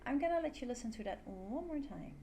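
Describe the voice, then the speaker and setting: A woman's voice: a little high, expressive, fast talker, creaky, dark tone, a little hiss or hum. Young woman English teacher, playful and upbeat, online class, exaggerates intonation in her examples.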